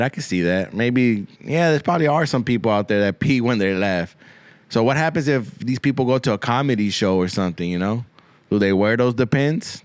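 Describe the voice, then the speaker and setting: A man's voice: medium pitch, no room sound. Profane man riffing. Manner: profane, rambling, slips into Spanish slang, repeats himself. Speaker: podcast host. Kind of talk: crude comic monologue.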